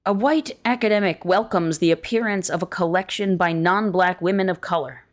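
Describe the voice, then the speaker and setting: A woman reading an essay aloud in a measured, deliberate way, slowing down to stress key words. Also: fairly low pitch. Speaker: reader of an essay.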